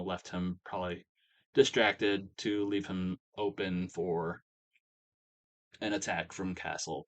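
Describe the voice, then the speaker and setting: A man casually recapping a wrestling simulation game, rambling with many fillers. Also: sits low. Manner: rambling, filler-heavy storytelling. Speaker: game commentator.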